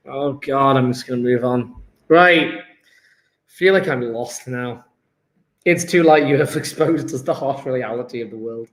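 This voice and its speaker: A man's voice: mid-range voice, unhurried. A man teaching a live online chemistry lesson, rambling and joking with self-deprecating asides as he answers students' chat. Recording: echoey room.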